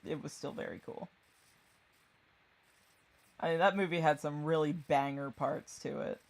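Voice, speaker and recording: A mid-pitched voice rambles through a story, loose and chatty, with plenty of fillers and casual swearing. The speaker laughs easily and slips into the characters' lines while retelling a book and its film. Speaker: channel creator.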